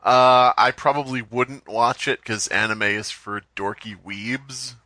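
A man's voice: medium pitch, fairly even intonation, measured pace, bright, forceful tone, dry recording. A man co-hosting a comedy podcast, teasing and joking throughout. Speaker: podcast co-host. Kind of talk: comedic banter.

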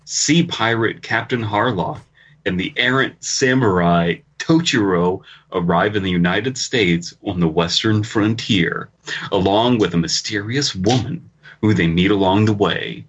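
A man's voice: fairly low pitch, measured pace, breathy edge. A man co-hosting a comedy podcast, reading a story aloud with crude, sardonic asides. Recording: dull lo-fi recording.

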